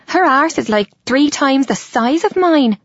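A man voicing a brash, tipsy teenage girl who talks fast, loud and crude. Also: extremely high pitch, expressive, dry recording, muffled recording, voice pushed up, heavily acted. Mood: scornful.

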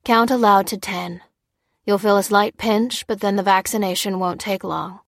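A woman voicing a brisk, apologetic female doctor who speaks in a clipped, matter-of-fact way. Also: mid-range voice, steady tone, creaky, no echo, clean studio sound, lightly acted.

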